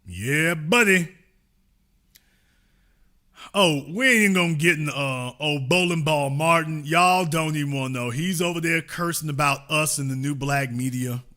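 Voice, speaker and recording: Teasing and folksy, the host of a political commentary show stretches his remarks out long, speaking in a fairly high voice with a sharp tone.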